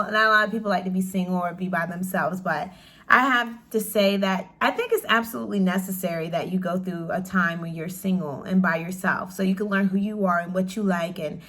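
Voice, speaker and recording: A woman's voice: mid-range voice, fairly bright tone. A young woman chatting casually to camera in a question-and-answer vlog, bubbly and full of "like" fillers, laughing often. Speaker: vlogger.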